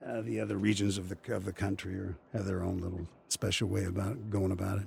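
A man's voice: on the low side, steady tone, fairly quick, creaky, hardly any pauses, breathy edge, no echo. A man in his seventies from Western Pennsylvania, a voice actor telling rambling, chuckling stories in an interview. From Western Pennsylvania, USA. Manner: rambling storyteller, chuckling, many restarts. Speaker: voice actor guest. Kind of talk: anecdotal interview chat.

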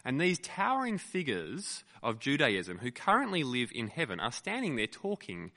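Man, pastor, sermon, animated storytelling, many fillers, bright voice, long hall reverb. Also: mid-range voice, moderate pace. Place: lecture theatre used as church.

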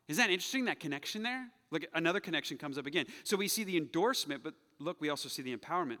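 A man's voice: a little high, expressive, fairly quick, bright, forceful tone, long reverb tail. A middle-aged male pastor preaching a sermon, playful and joking, slipping into mocking voices when he quotes.

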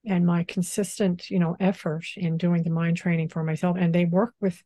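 A woman speaking as a spiritual teacher in an interview, gentle and unhurried, often saying "you know". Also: fairly low pitch, level tone. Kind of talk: calm spiritual interview talk.

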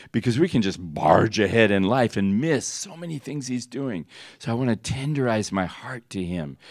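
A man teaching at a ministry school, telling stories and laughing often, jumping up in pitch as he acts out what people said. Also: a little mellow, no room sound, studio quality. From United States. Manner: storytelling, laughs often, acts out dialogue with big jumps in pitch. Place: church teaching hall.

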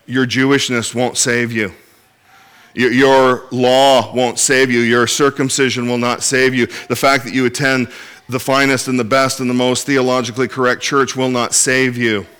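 A man's voice: mid-range voice, flat delivery, normal speed, a bit bright, smooth. A man preaching a sermon as pastor, earnest and direct with the congregation, often restarting his phrases. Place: church in Inverness.

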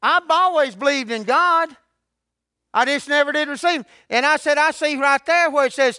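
Older preacher guy, real high voice, folksy storytelling sermon. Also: moderate pace, bright, forceful tone, no room sound, studio quality. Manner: folksy storytelling with colloquial grammar. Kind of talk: sermon testimony.

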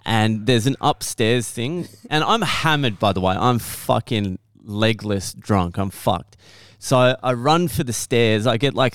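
A man's voice: mid-range voice, clean tone, no room sound, studio quality. A young man on a podcast telling a story in casual talk, swearing constantly and laughing now and then.

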